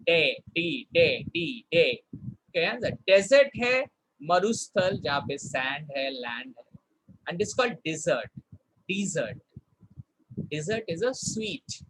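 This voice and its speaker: A man runs an online vocabulary lesson in a fairly high voice. He says words over and over to drill how they sound, and he slips into Hindi to explain them. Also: fairly bright tone, low-quality recording. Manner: drills pronunciation, switches between English and Hindi. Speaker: spoken English teacher.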